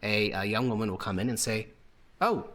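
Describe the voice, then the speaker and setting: A man narrating as game master for a tabletop campaign, relaxed and full of "uh" fillers. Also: lowish voice, fast.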